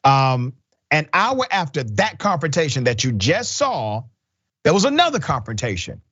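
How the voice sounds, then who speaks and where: A man's voice: fairly high pitch, very animated, normal speed, fairly bright tone, slightly rough, no echo. Emphatic male news host, dry dull sound. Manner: emphatic, repeats points for stress. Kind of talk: news commentary.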